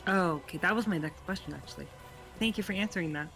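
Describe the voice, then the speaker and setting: Male player, fairly high voice, casual and jokey, light music behind. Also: fast talker, gravelly, sharp tone. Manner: laughing, joking, blunt. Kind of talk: casual tabletop game chat.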